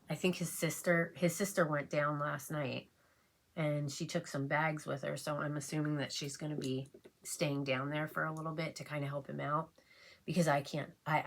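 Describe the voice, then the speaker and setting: Middle-aged woman, low and gravelly, chatting haltingly and emotionally in a home get-ready-with-me vlog. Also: steady tone. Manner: rambling, halting, many fillers and restarts. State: emotional, close to tears. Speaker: beauty vlogger. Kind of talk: casual chat while getting ready.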